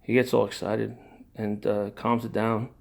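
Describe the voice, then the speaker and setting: A man's voice: lowish voice, little pitch movement, a little slow, vocal fry, darkish tone. An older man telling a personal family story in a rambling, digressive way, with sighs, restarts and emotion. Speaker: narrator of his own family story.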